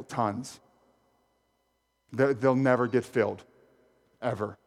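A middle-aged man preaching a sermon as pastor, animated and jokey, talking straight to his congregation in a church. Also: medium pitch, normal speed, pauses often. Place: church sanctuary.

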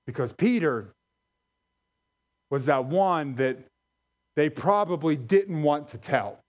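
Animated, higher-voiced male preacher. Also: slow. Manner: animated, emphatic, repeats key lines. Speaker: pastor. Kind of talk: sermon.

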